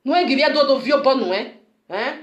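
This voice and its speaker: A woman's voice: high-pitched, animated, brisk, roomy sound, dull audio. A woman vlogger with a Nigerian Pidgin accent, scolding in a video message and often breaking in with a questioning "huh?". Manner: scolding, repetitive, rhetorical "huh?".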